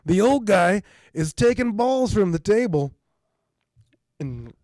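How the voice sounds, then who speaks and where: Middle-aged man, podcast host, animated storytelling, swears a lot, dry close mic. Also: sits high, slow pace, dry recording. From Mexican heritage. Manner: animated, swearing, frequent "you know what I mean". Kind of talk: casual storytelling.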